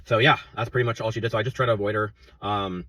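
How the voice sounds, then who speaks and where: Man in his twenties, rapid-fire angry rant, husky, a bit distant from the mic. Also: fairly low pitch, steady tone, sharp tone, dry recording. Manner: profane, heated, rambling. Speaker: vlogger.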